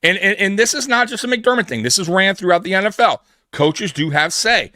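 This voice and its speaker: Dude co-hosting a sports show, fired up, bright tense voice, dry close sound. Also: male voice, high-pitched, animated, brisk, dry recording. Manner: emphatic, repeats himself, acts out quoted dialogue. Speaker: podcast co-host. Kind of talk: casual sports talk. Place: live pregame stream.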